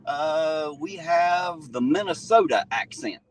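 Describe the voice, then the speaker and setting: A man with a southern Ohio accent hosting a casual live stream from his car, loud and joking, reading out chat and swearing freely. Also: fairly high pitch, animated, slow pace, low-quality recording. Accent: southern Ohio, Appalachian-tinged. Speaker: livestream host. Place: in a car at night.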